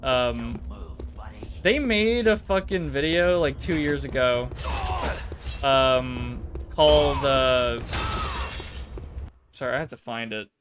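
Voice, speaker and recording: A man's voice: medium pitch, slow, long pauses, over music. A man streaming from home, chatting casually in a rambling, profane way. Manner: rambling, swears a lot, mock-dramatic reading. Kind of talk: casual chat.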